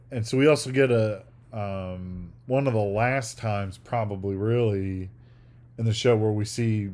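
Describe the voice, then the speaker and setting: A man with a lowish voice co-hosts a podcast in easy casual chat. He rambles through his thoughts and now and then slips into playing out the scenes he describes. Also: darkish tone. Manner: rambling, acts out quoted scenes. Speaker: podcast co-host.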